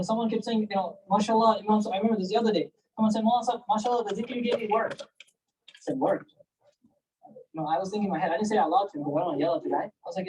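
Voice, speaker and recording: A woman giving a storytelling religious lecture, acting out quoted voices and reciting Arabic verses. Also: husky. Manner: animated, acts out quoted voices. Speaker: religious teacher. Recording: distant, low-quality recording.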